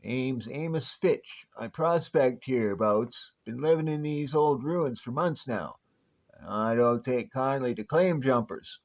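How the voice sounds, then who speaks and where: A man doing a gruff old prospector, slow drawl. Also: fairly high pitch, lively intonation, a little mellow, highs cut off. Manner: folksy drawl, slow and gravelly. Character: grizzled old male desert prospector, gruff, later sinister.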